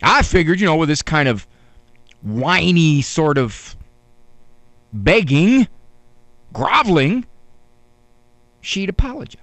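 A man with a fairly high, gravelly voice tells a wry story in an unhurried monologue. His delivery is deadpan and full of pauses, and his pitch ranges widely. The sound is dry and close. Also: no echo. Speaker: counselor and speaker.

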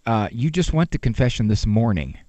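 A man voicing a patient parish priest who answers a parishioner in a low, hesitant, deadpan way. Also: brisk, dry recording, close to an everyday voice. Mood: dry patient.

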